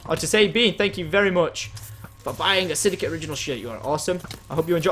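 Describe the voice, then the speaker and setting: A man giving excitable live gameplay commentary as a game streamer, chatting with and thanking his viewers. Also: on the high side, fast talker, hardly any pauses, slight background noise.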